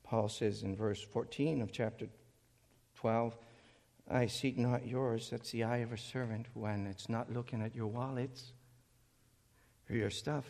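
A male preacher delivering a sermon, swinging between shouted passages and quiet, intense reading of scripture. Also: medium pitch, fairly even intonation, a little slow, gravelly. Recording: echoey hall.

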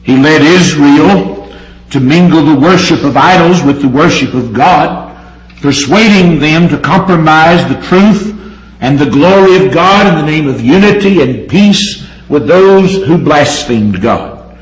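Male preacher, higher voice, earnest and emphatic, slow stressed phrases, roomy echo. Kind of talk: sermon. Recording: echoey room.

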